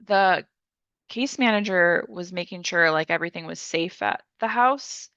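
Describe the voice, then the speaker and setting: On a podcast, a young female guest casually tells her own story in a lowish, fairly bright, smooth voice at a measured pace. She rambles, leans heavily on "like" and other fillers, and acts out what people said. The recording is dry and muffled.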